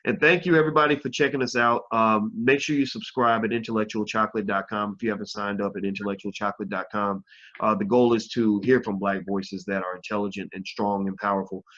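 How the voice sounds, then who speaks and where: A man hosts an online interview in a lowish voice. He talks haltingly, with many fillers and restarts, and the sound is dull and lo-fi. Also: fairly even intonation, fairly bright tone. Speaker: host.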